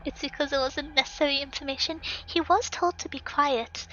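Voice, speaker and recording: A woman's voice: high voice, fairly even intonation, a little fast, fairly bright tone, lo-fi sound, a little hiss or hum. A woman streamer reading through a game story live, adding playful, giggly commentary.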